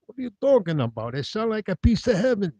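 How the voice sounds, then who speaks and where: A man playing an excitable old man in a joke, talking loudly and sounding incredulous. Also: high-pitched, fast talker, dry recording, pitched above the performer's own voice, full character voice. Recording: dull dry lo-fi recording.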